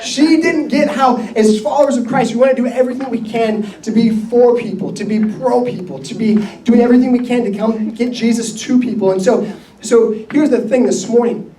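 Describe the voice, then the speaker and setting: Pastor guy preaching, chatty and lively, mellow tone, sounds far off in a roomy church. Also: very high-pitched, fairly quick. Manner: conversational storytelling, animated with laughs. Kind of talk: sermon. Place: church hall. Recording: roomy echo, mic at a distance.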